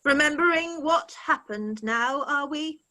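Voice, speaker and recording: A woman's voice: high voice, a little slow, sharp tone, a little hiss or hum. A woman voicing a mocking female interrogator in an online script reading, taunting and probing. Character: mocking female interrogator, mother-daughter-holy-spirit figure. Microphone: video call mic.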